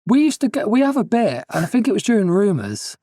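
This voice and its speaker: A man's voice: high-pitched, sing-song, fast, dark tone, dry recording, clean studio sound. A man telling band anecdotes in a casual podcast chat, often chuckling. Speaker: guest musician.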